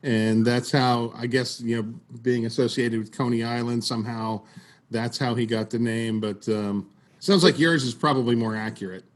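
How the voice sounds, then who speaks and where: A male podcast host with an everyday middle-pitched voice. He asks his questions haltingly, padding them with ums and uhs as he feels his way forward. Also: steady tone. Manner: hesitant, filler-heavy questions. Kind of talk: interview.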